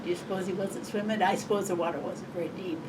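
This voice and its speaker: A woman's voice: mid-range voice, steady tone, fast, over a noisy crowd. An older woman from Montana, an interviewee telling oral history stories in a rambling, chuckling way. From Montana, USA. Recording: distant mic, faint background noise.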